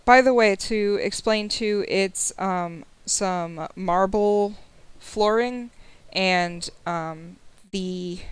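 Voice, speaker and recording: Slow-talking woman game master. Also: medium pitch, clean tone, no room sound. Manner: slow, descriptive, with fillers. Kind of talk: narrating a tabletop game.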